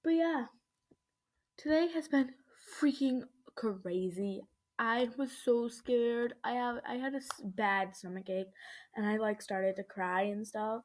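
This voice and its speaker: Woman vlogger, slightly high voice, still shaken, rambling storytime into a laptop webcam at home. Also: takes it slowly. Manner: rambling retelling full of "I was like", restarts and nervous laughs. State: shaken and uneasy. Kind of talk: casual storytime vlog. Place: indoors at home. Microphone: laptop webcam mic.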